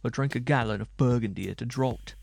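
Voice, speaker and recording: A man's voice: medium pitch, steady tone, moderate pace, vocal fry, darkish tone, faint music behind. A man voicing a boastful, hungry bearded male minstrel who talks in old-fashioned, mocking speech.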